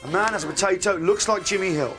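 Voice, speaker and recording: Man, breakfast tv host, high voice, jokey, loud music behind. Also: quick pace. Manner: playful, hammy, reads puns with mock fanfare. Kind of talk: jokey live TV banter. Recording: loud music bed underneath.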